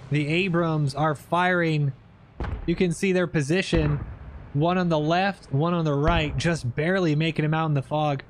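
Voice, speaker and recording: A man's voice: on the high side, moderate pace, slight background noise. Upbeat man calling gameplay action. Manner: lively, joking play-by-play. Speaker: gameplay commentator. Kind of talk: casting commentary over squad gameplay.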